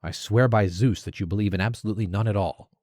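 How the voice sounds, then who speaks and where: Man doing a grudging ancient accuser, low voice, dry close mic, curt replies. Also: steady tone, quick pace, a little mellow, dry recording, natural voice. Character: stubborn male accuser answering curtly.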